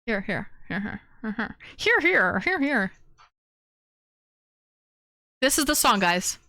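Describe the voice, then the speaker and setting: A young woman hosting a live-streamed call-in show, chatting casually and getting excited as she talks. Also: on the high side, a little slow, no room sound. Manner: excitable, chatty, bursts into shouting and humming beats.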